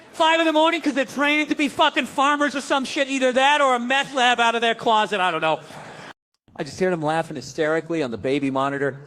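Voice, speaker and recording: Brief: male stand-up comic, high register, profane, exasperated storyteller. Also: a bit bright. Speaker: stand-up comedian. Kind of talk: stand-up comedy set.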